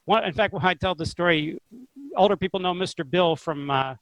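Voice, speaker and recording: An older man, a chess instructor, chatting in an interview in a talkative, expressive way. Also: high-pitched, brisk, low-quality recording. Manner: talkative and expressive, not monotone. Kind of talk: casual interview chat.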